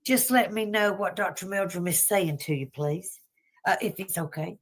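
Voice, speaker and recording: A woman's voice: lowish voice, normal speed, husky. A woman with a Southern US accent hosting a casual livestream, chatty and folksy, often laughing between thoughts. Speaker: livestream host.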